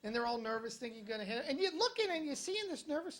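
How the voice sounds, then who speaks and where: A man's voice: very high voice, very animated, quick pace, few pauses, a bit bright. A male stand-up comedian telling jokes and stories on a comedy club stage in a wry, conversational way, with punchy jokes. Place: comedy club stage in front of a live audience.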